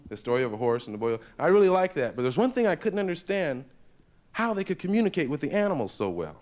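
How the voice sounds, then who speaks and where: On an old 1970s tape, a man performs stand-up on a live stage before a laughing audience, slipping into funny voices for the people in his jokes. His voice is a little high and a little mellow, and he's very animated and fast.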